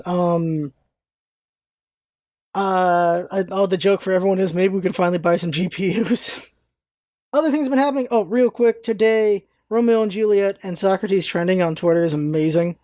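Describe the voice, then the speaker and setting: A woman ranting in a casual vlog, animated and exasperated, laughing often and swearing freely. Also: mid-range voice, dry recording, clean studio sound. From United States. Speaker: vlogger, show host.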